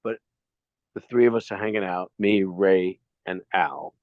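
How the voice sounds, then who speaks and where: Man telling showbiz stories, low voice. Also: measured pace, dry recording. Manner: animated anecdotes with acted-out quotes. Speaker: actor interviewee. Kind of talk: casual interview storytelling. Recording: dry, slightly dull sound.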